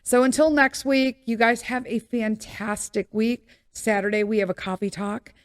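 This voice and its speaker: A woman's voice: fairly high pitch, steady tone, moderate pace, no echo, studio quality. A middle-aged woman hosting a podcast, telling a casual story with many fillers and acting out the voices she quotes. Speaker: podcast host.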